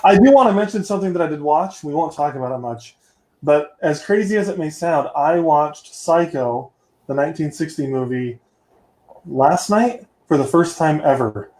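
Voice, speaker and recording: A man hosting a podcast in casual chat, upbeat and quick to laugh. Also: a little high. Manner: laughs often, lively and upbeat. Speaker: podcast host. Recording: roomy echo.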